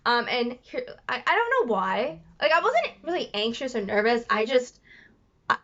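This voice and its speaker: A woman's voice: a little high, very animated, normal speed, a bit bright. A woman vlogger telling a personal story to camera in a rambling, apologetic way, often stuttering and restarting. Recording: dull lo-fi recording.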